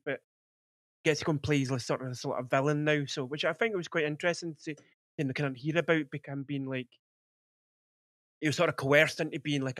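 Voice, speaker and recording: A podcast host in his forties chats casually about films, rambling with lots of filler words. His mid-range voice has a fairly bright tone, recorded in studio quality with no echo.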